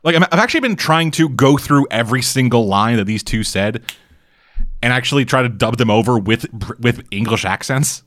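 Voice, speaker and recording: A man's voice: medium pitch, expressive, fairly quick, a bit bright, no echo, studio quality. A man casually recapping a TV show for a podcast, swearing often and rambling through asides. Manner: profane, rambling storyteller. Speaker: podcast co-host.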